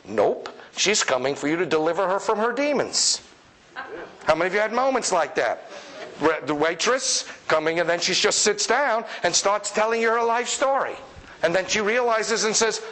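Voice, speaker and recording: A man preaching a lively sermon to a congregation, animated and playful, often acting out the voices of the people he quotes. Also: high voice, moderate pace. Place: church service with congregation.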